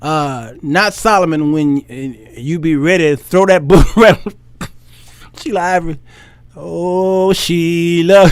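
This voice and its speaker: A man's voice: fairly high pitch, clean tone, dry recording. Playful preacher-style male talk-show host. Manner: playful, laughing, preacher-like cadence.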